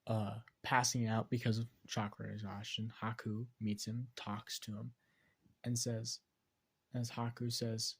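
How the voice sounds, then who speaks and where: Brief: man telling a fan story off the cuff, husky, gravelly voice. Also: lowish voice, little pitch movement, unhurried, a bit bright. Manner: rambling, many fillers and restarts. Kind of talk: casual fan-fiction narration.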